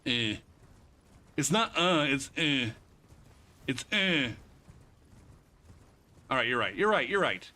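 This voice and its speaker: Speaking slowly in a sing-song way, this mid-pitched man pauses often and has a sharp tone. He's a streamer casually talking to viewers during gameplay, bickering with chat and cursing freely.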